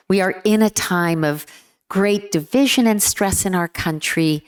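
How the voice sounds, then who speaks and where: A woman giving a formal speech in an earnest, measured way, stressing repeated words. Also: lowish voice. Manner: earnest, measured, with emphatic repetitions. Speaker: speaker.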